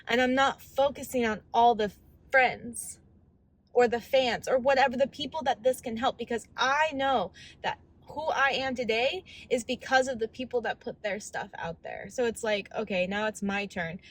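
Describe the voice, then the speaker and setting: A woman's voice: fairly high pitch, low-quality recording. A woman in her thirties in a casual, candid vlog rant, rambling as she coaches herself through her thoughts. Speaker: vlogger.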